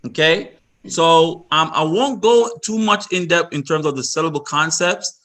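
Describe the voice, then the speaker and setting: A man leads a virtual workshop over a video call. His voice sits a little high and rings bright. He explains step by step, repeating himself and restarting his sentences often. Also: normal speed. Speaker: workshop presenter.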